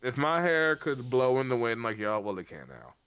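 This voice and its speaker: A young man chats casually, telling animated stories and laughing often. His voice has a middle pitch and sounds dry and close to the mic. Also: moderate pace, smooth, dry recording. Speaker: podcast co-host. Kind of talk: casual chat.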